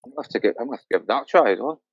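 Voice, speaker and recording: A man's voice: mid-range voice, expressive, rapid-fire, breathy edge, no room sound. A man from Hull with a Yorkshire accent chatting easily about a TV show, thinking aloud with small hesitations. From Hull, England. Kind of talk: casual chat. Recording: dull lo-fi audio.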